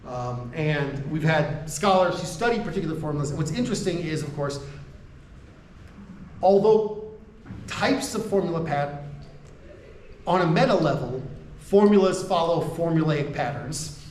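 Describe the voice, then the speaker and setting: A man's voice: on the high side, lively intonation, a little slow, long pauses, a little mellow, a little hiss or hum. An American man giving a university lecture to faculty in a conversational way, often checking in with "right?" and restarting his sentences. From United States. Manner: laughs between points. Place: lecture room. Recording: echoey room, voice from a distance.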